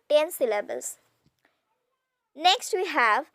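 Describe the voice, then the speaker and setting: A woman tutor with an Indian English accent, patiently explaining a poetry exercise and reading lines aloud slowly. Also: sits high, animated. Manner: slow, patient, reads verse lines aloud in drawn-out tones.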